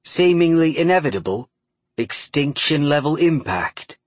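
A man's voice: on the high side, very animated, unhurried, no room sound, pitched above the performer's own voice. A man voicing a blunt male London press photographer with a broad Cockney accent. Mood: stunned. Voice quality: loud, broad.

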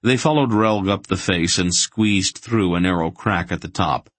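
A man narrating an audiobook in a steady, even storytelling voice. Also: low voice, normal speed, dry recording.

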